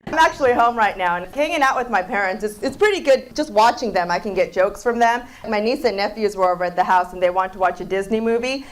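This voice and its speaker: A woman comedian who grew up in Seattle, telling stories in a stand-up set with deadpan delivery and abrupt punchlines. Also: mid-range voice, fast, hardly any pauses, slight background noise, rough recording. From came to the US at age four, grew up in Seattle.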